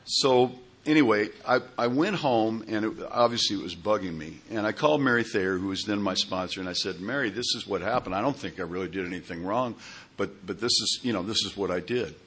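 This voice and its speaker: A man telling his own recovery story to a group, in a halting way with repeated words and many fillers. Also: on the low side, animated, a bit bright, slightly rough. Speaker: speaker sharing at a recovery meeting.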